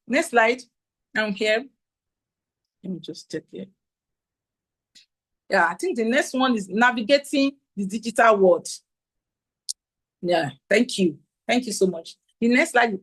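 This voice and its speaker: A woman's voice: medium pitch, husky, low-quality recording. A woman, giving a parenting talk at a conference and asking her listeners questions as she acts out what parents and children say. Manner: animated, acts out quotes, asks audience questions.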